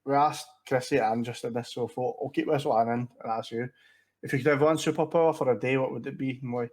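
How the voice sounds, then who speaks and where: A man, co-hosting a casual chat show and reading out quick questions in a relaxed, sweary way. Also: mid-range voice. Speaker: co-host.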